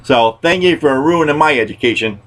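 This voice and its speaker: A man hosting a podcast, telling a story in a loud, rambling way and swearing freely. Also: a little high, lively intonation, fairly quick, poor audio. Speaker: podcast host.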